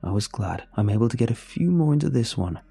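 An eerie, inhuman creature, voiced by a man in a horror story reading, gentle and coaxing yet quietly possessive. The tone is mellow and dark, with soft music faintly underneath. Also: mid-range voice, lively intonation, fast talker, creaky, slightly rough, exaggerated voice.

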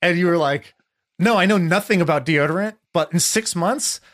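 A man's voice: sits high, moderate pace. A man hosting a podcast, telling a story in casual chat and acting out the voices of the people in it. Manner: animated storyteller, acts out quotes. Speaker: podcast host. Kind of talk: casual conversation.

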